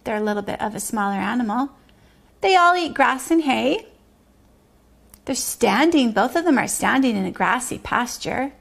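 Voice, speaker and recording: A woman's voice: fairly high pitch, animated, moderate pace, gravelly, fairly bright tone. A woman teaching preschoolers, singing simple farm songs, imitating animal sounds and patiently encouraging the children. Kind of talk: sing-along lesson for preschoolers.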